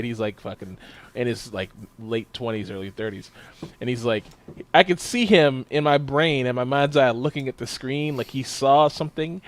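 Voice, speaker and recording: A man co-hosting a podcast in casual chat, telling animated stories, swearing often and laughing as he rants. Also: medium pitch. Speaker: podcast co-host.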